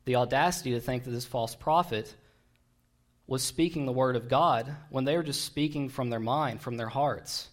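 A man's voice: mid-range voice, moderate pace. Conversational preacher man, wry asides. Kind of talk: sermon, retelling a Bible story.

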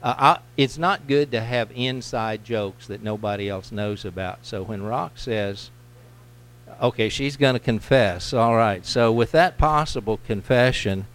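A male pastor with a fairly low voice giving church announcements. He introduces a guest in a relaxed, joking manner. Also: smooth.

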